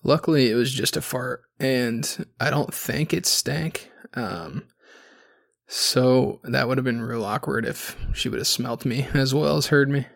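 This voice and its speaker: A man with a gravelly, fry-laden voice tells a crude, rambling story on his podcast. He swears freely and talks in a loose, unscripted way at a middling pitch. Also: a little slow. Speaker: podcast host. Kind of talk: casual podcast monologue.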